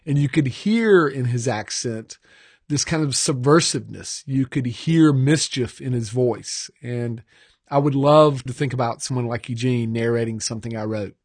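A man's voice: medium pitch, a little mellow, dry recording. A middle-aged man from the South, reflecting conversationally on his own book in a recording studio. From Georgia, US South. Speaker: author. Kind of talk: recorded author talk.

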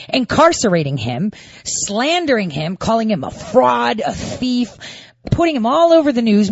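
A woman's voice: fairly high pitch, a little mellow, no room sound, lo-fi sound. A woman giving casual political commentary, firing off rhetorical questions and sarcastic asides.

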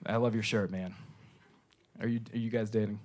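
A man's voice: fairly low pitch, steady tone, a little fast, darkish tone. A man doing stand-up crowd work on a club stage, teasing the audience in a wry, self-deprecating way. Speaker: stand-up comedian.

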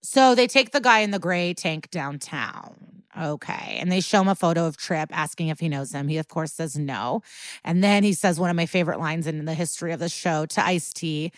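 A woman's voice: low-pitched, normal speed, no room sound. Chatty woman with a dry close sound. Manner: chatty, profane, acts out quotes. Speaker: podcast co-host. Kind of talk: casual episode recap.

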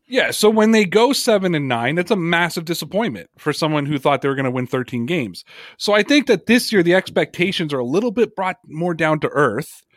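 A man's voice: fairly high pitch, lively intonation, brisk, no room sound, clean studio sound. A man hosting a sports podcast, talking emphatically and at length in casual chat. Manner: emphatic, talkative, reads chat comments aloud. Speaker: podcast host.

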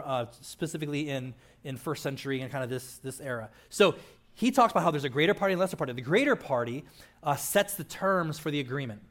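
A man pastor giving a conversational sermon, with casual asides and frequent "right?" checks to the listeners. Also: a little high.

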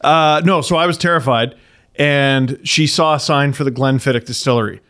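A man in his thirties, co-hosting a casual podcast chat, telling animated stories. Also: medium pitch, moderate pace. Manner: animated storyteller, puts on voices in quotes. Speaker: podcast co-host.

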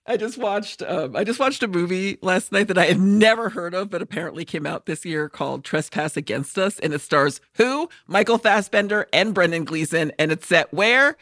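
A woman co-hosting a podcast in casual chat, who talks fast, goes off on tangents and swears. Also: lowish voice, lively intonation, a bit bright, dry recording, clean studio sound. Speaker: podcast co-host.

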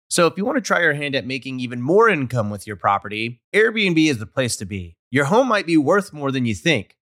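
Lively, higher-voiced man reading ads. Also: no echo, studio quality. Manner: upbeat promotional delivery. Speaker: podcast host reading sponsor ads. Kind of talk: scripted ad read.

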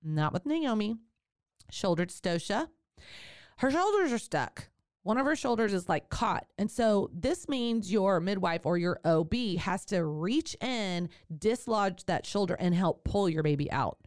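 Smooth, crisp woman telling a story. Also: medium pitch, unhurried, no echo, studio quality. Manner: animated, candid, laughs often. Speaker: podcast host. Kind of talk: personal storytelling.

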